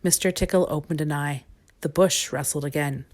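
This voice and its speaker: Woman reading a storybook, lowish voice. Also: normal speed, a little mellow. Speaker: storybook reader.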